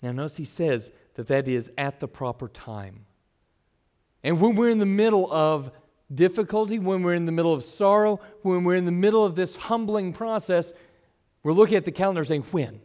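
Middle-aged pastor, high tenor, earnest sermon delivery with big shifts in loudness. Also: male voice, lively intonation, moderate pace. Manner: earnest, varies loudness widely, drops to soft asides.

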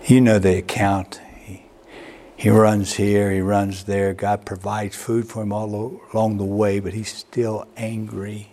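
A man preaching a sermon, telling a story with restarts and repeated words, his pitch jumping upward at emotional peaks. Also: level tone, measured pace, warm tone, a little hiss or hum. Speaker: pastor.

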